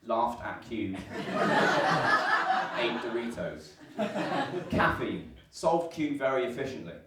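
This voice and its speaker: A man's voice: mid-range voice, very animated, slow pace. Young man, stand-up set, dry self-deprecating delivery, distant mic, noisy room. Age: young adult. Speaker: stand-up comedian. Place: student comedy night venue. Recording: echoey room taped from afar, audible noise. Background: audience laughter.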